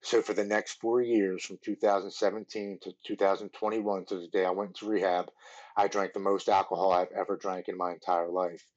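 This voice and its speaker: A man in his forties from Maryland, a podcast guest telling his recovery story in an earnest, halting way, often restarting his words. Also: deep voice, little pitch movement, highs cut off. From Maryland, USA.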